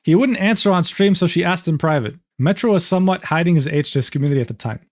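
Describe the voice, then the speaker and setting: A man's voice: a little high, animated, fast, no echo, clean studio sound. Casual, swearing male streamer. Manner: casual, swears freely, laughs often. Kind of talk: casual commentary reading DMs aloud.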